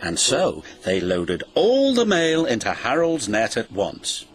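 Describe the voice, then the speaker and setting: A man narrating a children's storybook in an expressive, sing-song way. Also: mid-range voice, takes it slowly. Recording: music behind the voice.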